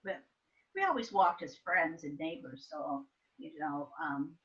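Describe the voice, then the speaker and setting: An older woman telling family stories in an interview, acting out her younger self with lively voices. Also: low-pitched, a little slow. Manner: animated storytelling, acts out her younger self. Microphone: soft and distant at times. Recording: dull lo-fi sound.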